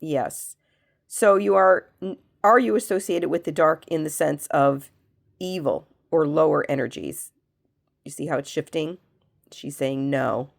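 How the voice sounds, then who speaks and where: A woman who has a cold, working as a medium, leads a spiritual pendulum reading and asks slow yes-no questions that she answers herself. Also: deep voice, vocal fry. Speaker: medium and reiki practitioner.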